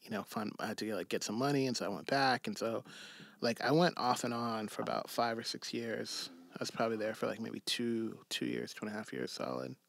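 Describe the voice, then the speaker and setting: Casual storyteller: man, gravelly, dry close mic, acts out people, loose and profane. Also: medium pitch, a little fast, no room sound. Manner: animated storyteller, acts out voices, swears freely. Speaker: guest.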